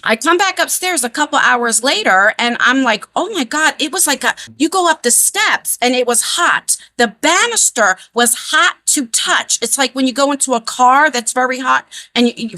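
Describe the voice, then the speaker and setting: Bright-voiced New woman vlogging. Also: high voice, dry recording. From New Jersey. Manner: animated, rambling, emphatic. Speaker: beauty vlogger. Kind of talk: casual chatty storytelling. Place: converted attic room at home.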